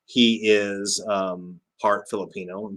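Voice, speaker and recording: Casual male livestream host, low-pitched, chatty, laughs a lot and fills pauses. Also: little pitch movement, fairly bright tone. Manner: chatty, laughs often, many fillers. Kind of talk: casual livestream chat reading comments.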